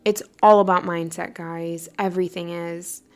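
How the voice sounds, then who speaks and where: A woman's voice: fairly low pitch, steady tone, normal speed. A young adult woman hosting a podcast, talking in an earnest, encouraging and loosely rambling way in a casual motivational monologue. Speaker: podcast host.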